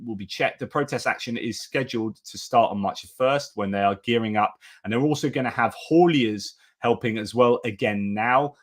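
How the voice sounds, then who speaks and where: A man hosting a casual news commentary stream, talking chattily with restarts and asides. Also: mid-range voice. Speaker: host.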